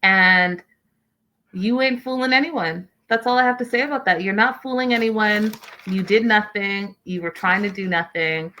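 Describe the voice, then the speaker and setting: A woman hosting a casual recap show, reading out viewer comments and giving her own blunt, animated opinions straight to viewers. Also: fairly low pitch, a little hiss or hum, rough recording. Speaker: host.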